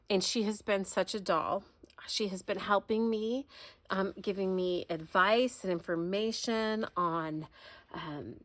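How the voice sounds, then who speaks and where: A medium-pitched woman, a crafting vlogger, unwraps presents at home on camera with no room sound in the recording. She gushes over everything in a casual, effusive way, full of exclamations.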